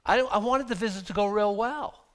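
A middle-aged male pastor preaching a sermon in a conversational, animated way, reading scripture slowly and then paraphrasing it casually, with sudden loud bursts. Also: high-pitched.

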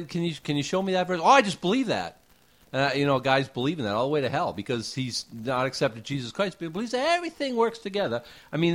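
A man's voice: on the high side, a bit bright. Folksy, conversational male preacher. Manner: conversational, rhetorical questions, folksy asides. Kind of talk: casual sermon.

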